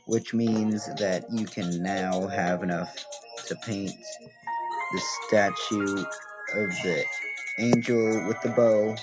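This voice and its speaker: Low-voiced young man narrating a game walkthrough. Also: steady tone, slow. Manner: chatty, thinking aloud, self-correcting. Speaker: gaming video creator. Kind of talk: casual game walkthrough commentary. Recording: dull lo-fi audio with game music. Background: game music.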